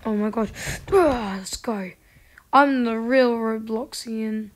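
A woman hosting a gaming channel, giving casual gameplay commentary with excitable, frustrated outbursts. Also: on the high side, slow pace.

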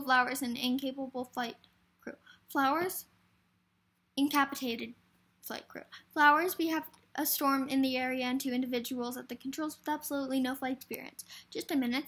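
A woman's voice: high-pitched, fairly bright tone. A woman reading a film script aloud for a variety show, hurrying through with stumbles and restarts.

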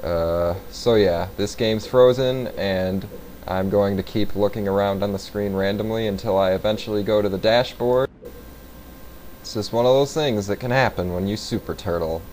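A man's voice: on the low side, normal speed, darkish tone, slight background noise, poor audio. A man hosting a gaming video, rambling offhand through casual commentary and swearing now and then.

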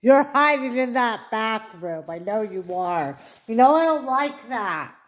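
A woman with a fairly high voice teases her partner at home in a playful comedy sketch. She talks slowly, stretches her words, giggles, and drifts into a sing-song tone. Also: animated. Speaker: comedy video creator.

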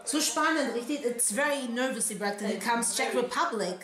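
A woman with German as her first language, reacting live and excitedly, often laughing and gushing. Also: a little high, normal speed. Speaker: reaction vlogger. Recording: echoey room with broadcast crowd behind. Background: crowd from broadcast playing.

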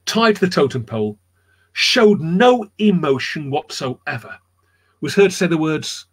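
A man's voice: a little high, big pitch swings, a little slow, slightly rough. A man telling history anecdotes in a rambling, chatty way on a live chat show, repeating his words as he goes. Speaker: storyteller guest.

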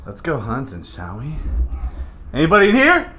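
A young man vlogging during a game with friends, shouting and laughing in a loud, hyped way. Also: mid-range voice, huge pitch swings, normal speed, lo-fi sound. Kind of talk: excited casual vlog chatter. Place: large dark indoor play studio. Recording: echoey hall with background noise.

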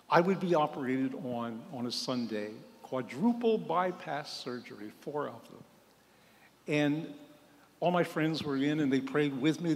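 A man in his seventies, a priest, telling a humorous personal story in a sermon and acting out the voices of the people in it. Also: a little high. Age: 70s. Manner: humorous, acts out quoted voices. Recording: long hall reverb.

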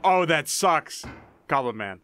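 Jumpy, animated young man gaming. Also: on the high side, slow, faint music behind. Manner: jumpy, goofy, mutters then yelps. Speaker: gaming YouTuber. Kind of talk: horror game commentary.

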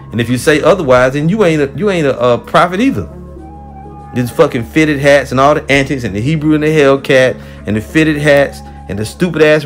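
Angry male religious teacher, mid-pitched, rebuking with constant swearing, soft music under him. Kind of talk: heated profane sermon.

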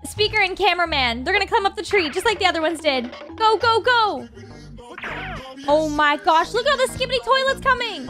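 A woman's voice: very high-pitched, expressive, brisk, bright, forceful tone. A woman hosting a reaction video, gasping and exclaiming emotionally as she comments on animations. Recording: music playing clearly underneath.

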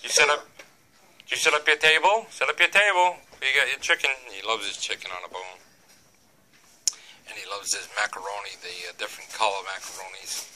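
Rambling older Boston man, bright voice. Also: on the low side, fairly quick, a little hiss or hum. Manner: rambling, leans on "you know", folksy jokes. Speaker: vlogger. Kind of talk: casual home vlog chat. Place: at home.

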